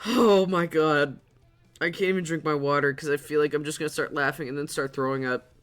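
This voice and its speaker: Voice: mid-range voice, steady tone, fairly quick, a bit bright, faint music behind. A gaming streamer commenting on a game while laughing so hard they are in tears, breathless and swearing. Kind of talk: let's play commentary.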